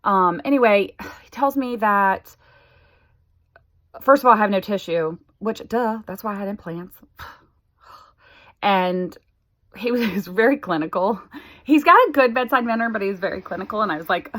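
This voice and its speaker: A woman's voice: mid-range voice, fairly quick, fairly bright tone. A woman in her forties talking candidly to the camera, chatty and exasperated. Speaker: vlogger sharing a health update. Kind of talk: casual chat to camera.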